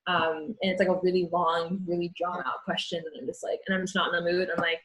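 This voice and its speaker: Frank, low-voiced young woman. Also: steady tone, fairly bright tone, low-quality recording. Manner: frank, earnest, talks in quick restarts. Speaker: interview guest. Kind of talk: candid conversation.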